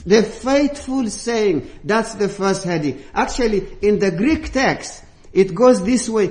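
Slow, emphatic high-voiced male preacher. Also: animated, a little mellow. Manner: emphatic, slow and deliberate, rising on key words. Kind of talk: sermon. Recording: echoey room.

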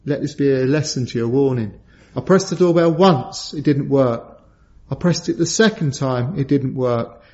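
A middle-aged man preaching a sermon, telling a personal story in earnest and lifting his voice high when he acts out quotes. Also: normal speed, darkish tone, lo-fi sound.

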